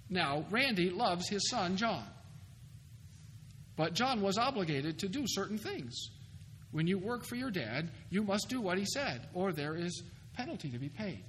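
Man, lecturer, high voice, emphatic, animated, wry, long hall reverb, faint hiss. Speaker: seminary professor lecturing. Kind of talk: conference lecture on theology. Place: conference hall. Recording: hall reverb with faint noise, 2004 recording.

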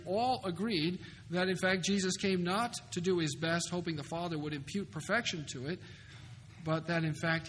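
A man giving a theology lecture at a conference, emphatic and animated, with wry asides. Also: sits high. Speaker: seminary professor lecturing. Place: conference hall. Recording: hall reverb with faint noise, 2004 recording.

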